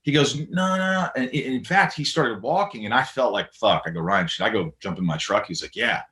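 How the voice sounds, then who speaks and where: A man telling stories as a podcast guest, animated, acting out the voices of people he quotes. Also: lowish voice, fairly quick, reverberant. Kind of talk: casual storytelling conversation.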